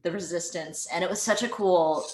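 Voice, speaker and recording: Woman with a lowish voice chatting on a video call, laughy, lots of likes, echoey room. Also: moderate pace. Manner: chatty, laughs easily, many likes and ums. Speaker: actress and filmmaker guest. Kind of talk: casual interview chat.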